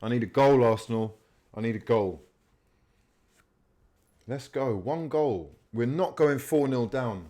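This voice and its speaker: A man hosts a live fan watchalong, talking over the game in a voice of middling pitch. He grumbles and mutters between plays, then erupts into swearing and shouts at the players. Apologies for the outbursts follow in a lower tone. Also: expressive, a little slow, pauses often. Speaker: fan channel host.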